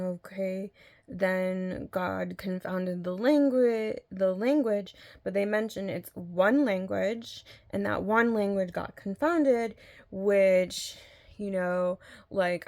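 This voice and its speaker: A woman's voice: mid-range voice, slow, darkish tone. A woman in a casual spoken review, talking in an earnest, rambling way with frequent restarts. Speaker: video blogger reviewing an audio drama.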